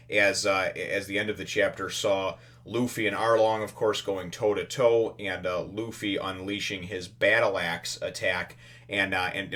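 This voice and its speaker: Rambling low-voiced man reviewing a chapter. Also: fairly bright tone. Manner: rambling, filler-heavy retelling with playful voiced-out character quotes. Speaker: manga review host.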